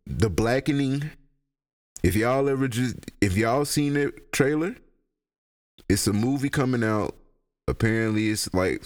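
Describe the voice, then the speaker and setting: A young man, high and rambling through a casual, profane solo podcast rant. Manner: rambling, profane, laughs a lot. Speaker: podcast host.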